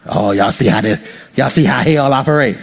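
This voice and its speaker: A male pastor preaching an animated sermon, joking with the congregation and acting out people's inner voices. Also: medium pitch, moderate pace. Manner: jokes and teases the congregation.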